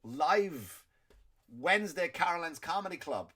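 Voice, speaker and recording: An Irish comedian hosts his podcast in a loose, rambling rant. He trips over his words and restarts often, jumping from loud, high outbursts down to low, quiet muttering. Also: lively intonation, unhurried, slightly rough. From Ireland. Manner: ranting, swearing, many restarts and repeated words. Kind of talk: stand-up style rant.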